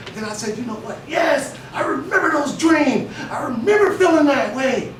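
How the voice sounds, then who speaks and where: A middle-aged man from Oakland giving a motivational talk to students, an animated storyteller who acts out his own dialogue and laughs often. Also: very high-pitched, fairly quick, hardly any pauses. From Oakland, California. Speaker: motivational speaker. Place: school hall or classroom. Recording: echoey room, speaker far from camera, noisy.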